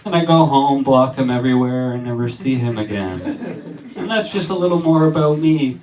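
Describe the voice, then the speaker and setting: A man's voice: medium pitch, lively intonation, fairly quick, crowd noise. A man hosting a comedy show, doing his own set with a dry, understated delivery. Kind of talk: stand-up set and introductions. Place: comedy club stage. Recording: echoey noisy club from far off. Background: audience laughter.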